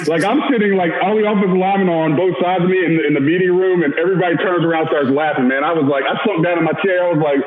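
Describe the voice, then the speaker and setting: A man's voice: a little high, rapid-fire, hardly any pauses. A man, a former college lineman, telling a self-deprecating story as a podcast guest. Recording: roomy, slightly dull audio with faint noise.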